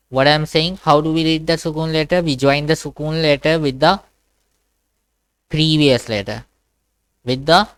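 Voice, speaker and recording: A man's voice: fairly high pitch, fairly bright tone, smooth, no room sound. A man teaching Quran reading in an online one-to-one class over a video call, patiently repeating sounds and checking understanding.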